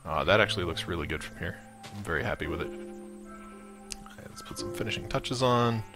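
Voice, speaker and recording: A man casually chatting and loosely retelling a story while playing a video game, with excited outbursts at enemies. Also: low voice, moderate pace, over music. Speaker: gaming video host. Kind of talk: casual gameplay commentary.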